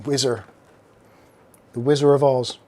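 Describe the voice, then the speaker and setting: Medium in pitch and darkish in tone, a man from England speaks at normal speed with lively intonation. The tech host rambles jokily through a casual unboxing video, chatting to his pets, his household, and the viewers in chat.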